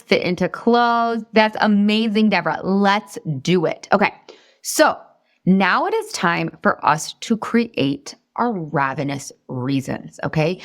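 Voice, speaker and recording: A woman in her forties, a weight loss coach, teaching a live online class in an energetic, chatty, encouraging way that jumps into high excited outbursts.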